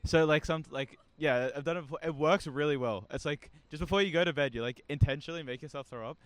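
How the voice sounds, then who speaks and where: Fast-talking young man, smooth voice. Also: fairly high pitch, dry recording. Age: young adult. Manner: explains with lots of fillers. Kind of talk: casual chat.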